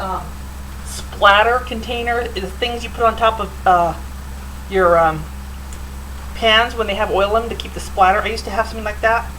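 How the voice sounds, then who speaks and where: A woman's voice: fairly high pitch, pushed and bright, a little hiss or hum, rough recording. A middle-aged woman hosting a home cooking show, chatting loosely with fillers as she demonstrates in her kitchen.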